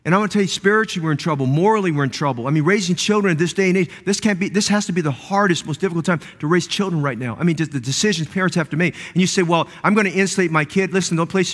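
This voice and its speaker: A man's voice: high voice, fairly bright tone. A man preaching a sermon as pastor, building into emphatic, rising cadences with repeated phrases. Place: church sanctuary. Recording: long church reverb.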